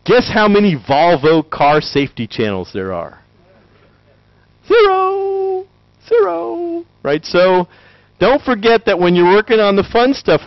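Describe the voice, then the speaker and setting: A man from Tennessee gives a lively conference talk full of jokes, acting out quick little voices that send his pitch jumping around. He's animated throughout, and the audio is dull and lo-fi in a dry space with no echo.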